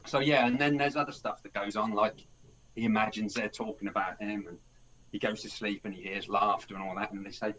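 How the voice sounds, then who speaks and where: A man's voice: on the low side, fairly even intonation, fairly quick, fairly bright tone, poor audio. Rambling man reviewing a film. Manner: rambling, restarts a lot, acts out characters' lines. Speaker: film podcast host. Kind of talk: casual film review chat.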